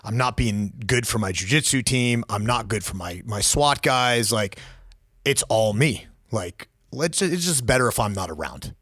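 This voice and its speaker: A former law enforcement officer in his forties tells a personal story as a podcast guest, blunt and raw and swearing freely. His mid-range voice is animated and a bit bright at a normal speed, in a studio-quality recording with no echo.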